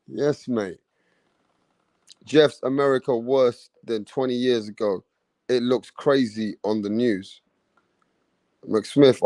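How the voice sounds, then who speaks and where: A man's voice: mid-range voice, dry recording. A young man hosting a livestream, chatting brashly with lots of swearing and as he reads out viewer comments. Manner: brash, swearing, slangy, loud hype bursts. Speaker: livestream host. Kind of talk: casual livestream chat reading viewer comments.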